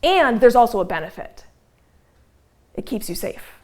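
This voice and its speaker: A woman's voice: fairly high pitch, very animated, normal speed, darkish tone. A woman coaching listeners in a motivational talk. She speaks conversationally, checks in often with "okay?" and "right?", and voices her listeners' doubts back at them. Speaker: weight-loss coach.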